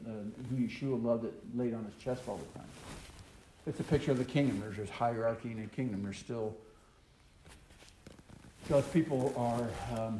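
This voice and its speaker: Man, Bible teacher, reads verses then explains, mellow voice, roomy echo, faint hiss. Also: mid-range voice. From American South. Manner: reads scripture aloud then explains it, with many ums and uhs. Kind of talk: Torah study teaching. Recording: echoey room with faint noise.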